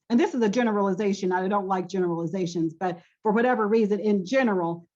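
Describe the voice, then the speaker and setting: A woman's voice: a little high, a little mellow, lo-fi sound. A woman, a guest expert on marriage, giving frank, chatty answers and laughing often. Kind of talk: candid interview answer.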